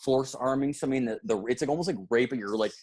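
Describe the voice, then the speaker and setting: A man's voice: medium pitch, rapid-fire, a little mellow. A man hosting a podcast, telling a long story in casual chat, rambling and swearing, with frequent restarts. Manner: rambling and profane, restarts a lot, laughs mid-story. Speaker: podcast host.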